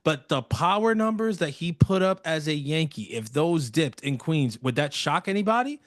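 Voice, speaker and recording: Male co-host, casual slangy chat, slightly high voice, dry close sound. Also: animated, moderate pace, dry recording. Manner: opinionated, loose slang, talks through his points. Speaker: co-host of a fan show.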